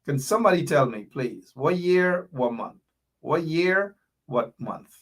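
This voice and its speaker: A man's voice: fairly high pitch, expressive, measured pace, slightly rough. Impassioned Guyanese man hosting a livestream. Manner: impassioned, reads viewer comments aloud. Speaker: show host. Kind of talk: political commentary livestream.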